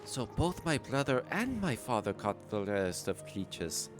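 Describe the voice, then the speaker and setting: A man reading the lines of an earnest young woman warrior in his own lowish voice, with little attempt at a feminine range. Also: big pitch swings, moderate pace, over music, natural voice.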